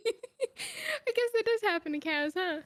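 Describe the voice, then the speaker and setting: A woman's voice: very high-pitched, big pitch swings, measured pace, dry recording. A woman chatting casually on a call with a streamer, teasing and giggly. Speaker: guest on a call.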